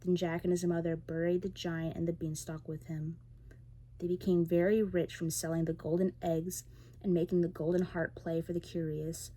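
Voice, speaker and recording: A woman reads a fairy tale in a soft, whispered role-play bedtime voice. Her tone is low, mellow and breathy. She sits close to the microphone. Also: little pitch movement. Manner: soft, slow bedtime reading. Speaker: ASMR storyteller. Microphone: close ASMR microphone.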